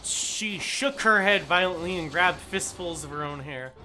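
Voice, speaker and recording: Bright-voiced woman narrating a game. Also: on the low side, faint music behind. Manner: steady, deliberate reading. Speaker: streamer voicing a game. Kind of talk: narrating a visual novel game.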